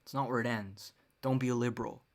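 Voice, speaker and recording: On her own podcast, a young woman talks fast in an extremely low, steady voice with a darkish tone. The solo monologue is casual, full of profane ranting and wry laughs.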